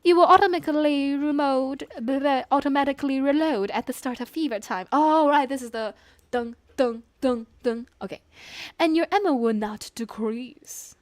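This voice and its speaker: Female gaming streamer, high-pitched and excitable, dry close mic. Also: brisk, hardly any pauses, dry recording. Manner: excitable, laughs a lot, reads dialogue aloud. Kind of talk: excited gameplay commentary.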